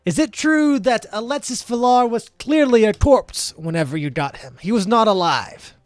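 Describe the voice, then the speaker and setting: A cocky lawyer voiced by a man who brags at a raised pitch and leans hard on his questions. His voice rides higher and louder than a plain speaking voice, and every line sounds self-satisfied. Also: expressive, moderate pace, no room sound, studio quality. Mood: boastful. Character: boastful, smug male lawyer.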